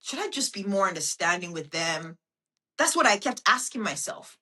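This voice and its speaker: A woman hosting a podcast, giving a slow, intimate self-help monologue that speaks to the listener as a friend and swears casually. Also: a little high, bright, forceful tone. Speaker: podcast host.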